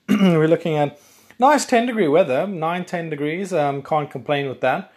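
A man's voice: fairly high pitch, unhurried, slightly rough. A man from South Africa hosting a casual solo podcast, rambling and chatty, correcting himself as he goes. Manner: rambling, chatty, self-correcting, excitable bursts. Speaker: podcast host.

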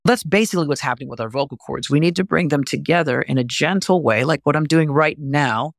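A man's voice: a little high, brisk, vocal fry, no echo. Earnest male voice coach, dry sound. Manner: earnest, explains with demonstrations. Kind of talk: instructional talk to camera.

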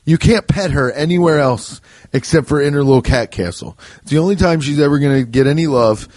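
A young adult man hosting a podcast alone, telling rambling, profane, joking stories and putting on quick voices for the people in them. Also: a little high, a little mellow, no room sound. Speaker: podcast host. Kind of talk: casual rambling monologue.

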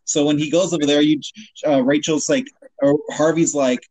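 A man's voice: a little high, normal speed, no echo, poor audio. A man co-hosting a podcast, retelling a film twist in casual chat and acting out the quotes. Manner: animated storytelling, acts out quotes. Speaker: podcast co-host.

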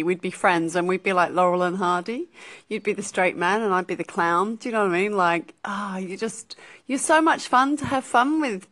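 A woman's voice: mid-range voice, a bit bright. A woman leaving a casual, gushing call-in message for a friend. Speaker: caller.

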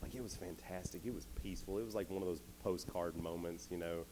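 Animated youth speaker. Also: male voice, deep voice, quick pace, noisy background. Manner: animated, casual, many "like"s. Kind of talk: storytelling sermon to teens.

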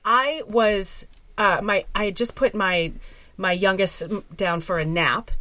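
A woman in her thirties telling a profane, animated story about motherhood in a casual group chat. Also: mid-range voice, unhurried, no echo. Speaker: performer and guest.

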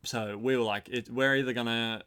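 A man's voice: medium pitch, fairly even intonation, moderate pace, bright, forceful tone, clean tone. A young man talking as a podcast guest in casual chat, telling a story with dry jokes. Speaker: podcast guest, host's roommate. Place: storehouse.

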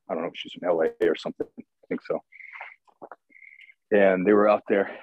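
A man's voice: sits low, creaky, darkish tone, breathy edge, muffled recording. A man telling a crude, rambling story in casual chat, often laughing as he talks.

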